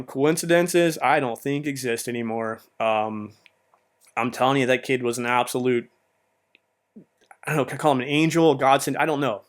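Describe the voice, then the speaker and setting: A man's voice: mid-range voice, fairly bright tone. A man hosting a podcast, telling his personal faith testimony in a rambling, heartfelt way full of "man" and "you know". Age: adult with a marriage behind him. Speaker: podcast host.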